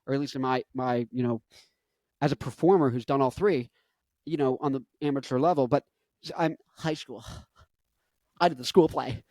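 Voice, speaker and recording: A man's voice: mid-range voice, normal speed, long pauses, a little mellow, no room sound. A man in his twenties chatting casually and at length, rambling with lots of fillers and self-corrections. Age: 20s. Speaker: musician and vlogger.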